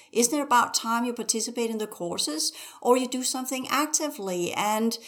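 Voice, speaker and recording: Woman urging with rapid-fire questions. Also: on the high side. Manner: urgent, exhorting with rapid rhetorical questions. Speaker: guest teacher. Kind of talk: podcast conversation.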